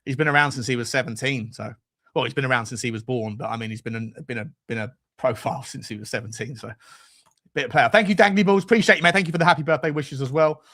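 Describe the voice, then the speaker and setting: A man's voice: mid-range voice, fast talker, fairly bright tone. A man hosting a fan live stream, reading out super chats in a rambling, sweary way that keeps going off on tangents. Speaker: fan channel host.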